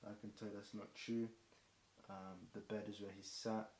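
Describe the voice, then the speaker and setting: A man's voice: fairly low pitch, flat delivery, normal speed, a little mellow. Rambling British man freestyling rhymes. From Britain. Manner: rambling off-the-cuff rhymes, frequent ums. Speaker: freestyle rapper. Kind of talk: long improvised freestyle rhyming. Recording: echoey room with faint hiss.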